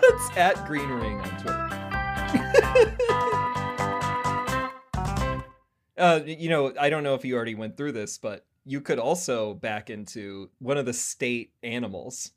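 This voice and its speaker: A podcast co-host in casual chat, pitching ideas with mock-grandiose flair between easy banter. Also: takes it slowly, long pauses, faint music behind. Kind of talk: casual chat about a video game.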